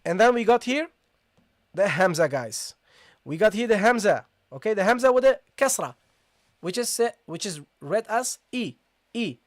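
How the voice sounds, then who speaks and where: A recitation teacher giving a live-streamed online lesson, explaining step by step, checking understanding with a frequent "okay?" and slowly sounding out letters to demonstrate. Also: mid-range voice, animated, no echo, studio quality.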